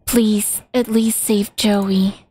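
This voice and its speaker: A woman voicing a dying young girl who pleads weakly and slowly, close to a whisper. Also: mid-range voice, level tone, dark tone, a little hiss or hum. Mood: weak, pleading.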